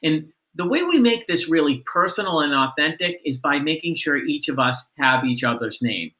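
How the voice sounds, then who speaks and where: Bright-voiced man coaching phone greetings. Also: fairly high pitch, expressive, moderate pace. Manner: coaching, asks the listener questions, models phone greetings. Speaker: sales trainer. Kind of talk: training lesson.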